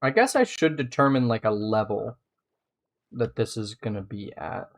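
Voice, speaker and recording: A man's voice: on the low side, moderate pace. A man live-streaming a building game, chatting casually and thinking aloud as he plays.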